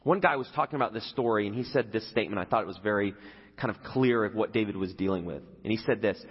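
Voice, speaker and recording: Talking fast in a low, breathy voice, a pastor delivers a chatty sermon, often turning to his listeners with questions. The audio is lo-fi and muffled, echoing as if recorded in a hall.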